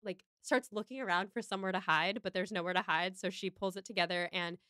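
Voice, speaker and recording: A woman's voice: lowish voice, steady tone, quick pace, pushed and bright, no room sound, clean studio sound. A woman hosting a podcast, recapping a film in casual chat with a wry, joking manner. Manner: chatty, wry, acts out quotes. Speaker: podcast host.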